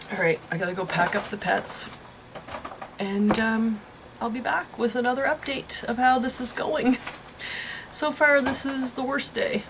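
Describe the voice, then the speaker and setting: Woman in her thirties, pet vlogger, tearful and worn out, halting personal talk with a higher voice. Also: background noise. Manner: emotional, rambling, sighing, halting. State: tearful, drained. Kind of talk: casual personal vlog.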